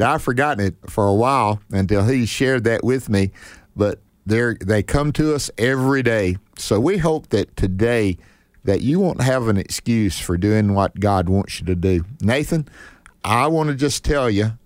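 An older man hosts a faith talk show in a folksy, unhurried, preacherly way, often repeating a word as he restarts a sentence. The sound is dry and close, with no room around it. His voice sits at an ordinary pitch for a man. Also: no room sound. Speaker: host. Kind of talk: casual chat.

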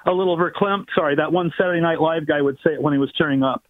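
A man phones in to a radio show. His voice comes through a thin phone line with no room sound. He speaks somewhat high, telling his story in a dry, wry way. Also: steady tone, racing, dry recording. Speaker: caller. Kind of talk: casual radio call-in chat.

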